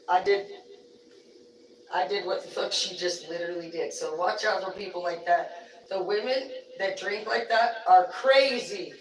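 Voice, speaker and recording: A woman's voice: medium pitch, slight background noise. A woman hosting a livestream who tells rambling, profane stories in a blunt, casual way. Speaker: livestream host. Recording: roomy sound, distant from the mic.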